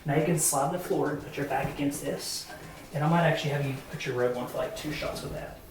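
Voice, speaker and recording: A deep-voiced woman with a Southern American accent talks at a quick pace while directing a boudoir shoot, offering upbeat, chatty pose coaching laced with fillers. She's in a large indoor photo studio; the room echoes, the mic is distant, and faint music plays.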